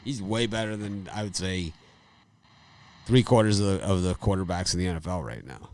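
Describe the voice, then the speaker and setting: A middle-aged man with a lowish voice hosts a casual sports betting chat. He rambles through stories, laughs often and repeats phrases. His delivery stays loose and conversational. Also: normal speed, darkish tone, a little hiss or hum. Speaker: sports betting show host.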